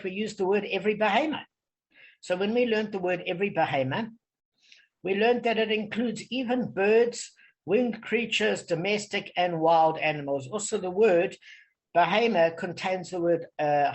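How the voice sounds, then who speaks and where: A man's voice: high voice, poor audio. A man leading an informal online study group, explaining texts patiently and checking in with "okay?". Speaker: Talmud study leader.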